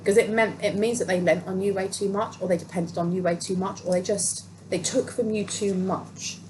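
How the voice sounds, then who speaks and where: A woman's voice: medium pitch, normal speed, low-quality recording. A woman giving a casual tarot reading, talking in a chatty, emphatic way and repeating phrases for stress. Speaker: tarot reader. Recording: steady background noise.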